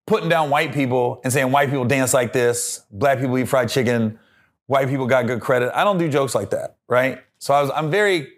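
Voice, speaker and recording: A comedian telling stories in casual podcast chat, acting out voices and laughing as he goes. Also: medium pitch. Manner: animated storyteller, acts out voices and laughs. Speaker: comedian guest.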